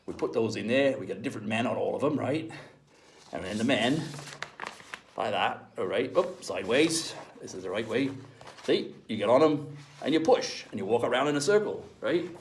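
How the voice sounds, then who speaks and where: A man's voice: mid-range voice, expressive, fairly quick, reverberant, distant mic, slight background noise. A man, playing a pirate captain who teaches children in a playful online lesson, chatty and hearty, checking in with "right?" after each point.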